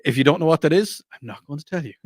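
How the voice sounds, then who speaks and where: A man's voice: fairly high pitch, husky, no room sound. A man hosting a radio talk show in a casual, rambling way, repeating himself and apologizing as he chats into a studio mic.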